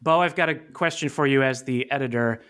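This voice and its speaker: A man's voice: mid-range voice, a little fast, a bit bright, smooth. A man hosting a fan podcast, upbeat and jokey as he introduces the show and guests. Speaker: podcast host. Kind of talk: casual podcast chat.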